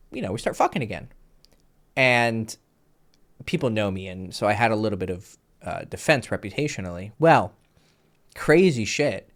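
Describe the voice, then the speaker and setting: Young male dating coach, slightly low voice, crude casual storyteller. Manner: crude, animated, laughs mid-story, many fillers.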